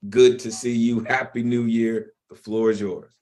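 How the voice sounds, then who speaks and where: A man's voice: medium pitch, flat delivery, measured pace, a little mellow. A man hosting an online poetry open mic over a video call, effusive as he praises and introduces performers.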